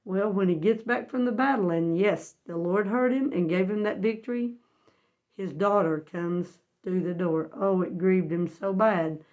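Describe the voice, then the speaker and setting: A woman of middling pitch teaching a Bible lesson through folksy storytelling. She speaks earnestly and stresses key points, and she keeps turning to her listeners with questions about what comes next. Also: measured pace, darkish tone, dull audio.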